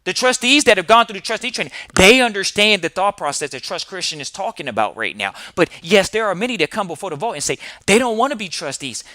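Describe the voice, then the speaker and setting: Forceful, emphatic male podcast host. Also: sits high, big pitch swings, quick pace, few pauses, no echo, studio quality. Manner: emphatic, fires rhetorical questions. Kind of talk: preachy podcast monologue.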